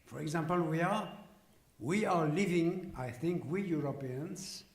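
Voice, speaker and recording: A man with a French accent, French by birth, giving a conference speech in halting, broken English that slips into French. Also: a little high, roomy sound. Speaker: conference speaker. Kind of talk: public speech. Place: conference hall.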